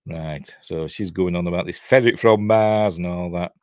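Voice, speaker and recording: A man's voice: low-pitched, moderate pace, darkish tone, clean tone, no echo, studio quality. An older man with a Yorkshire accent giving a casual, rambling watch-along review, chuckling often. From Yorkshire, England. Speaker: reviewer and channel host.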